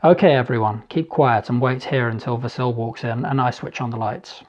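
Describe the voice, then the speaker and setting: A man's voice: mid-range voice, fairly even intonation, moderate pace, darkish tone, highs cut off, lightly acted. A man voicing a friendly, courteous male party host in an audiobook reading.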